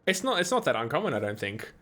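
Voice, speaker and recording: A man's voice: medium pitch, wildly swooping pitch, quick pace, fairly bright tone. An Australian man hosting a live gaming stream, chatting casually and answering viewers' comments between moments of play. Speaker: livestream host.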